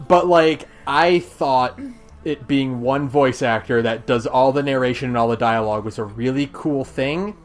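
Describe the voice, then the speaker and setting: A man's voice: mid-range voice, moderate pace. A man co-hosting a podcast in casual chat, enthusiastic but hesitant in his phrasing. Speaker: podcast co-host.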